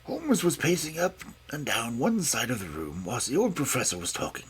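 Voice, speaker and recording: A man reading a classic detective story aloud, narrating in an expressive way. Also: mid-range voice, moderate pace, slightly rough.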